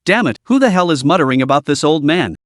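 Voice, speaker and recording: A man's voice: fairly high pitch, expressive, fast, no echo, clean studio sound, close to an everyday voice. A man voicing a cocky, sardonic young man in a storybook reading, offhand and sneering.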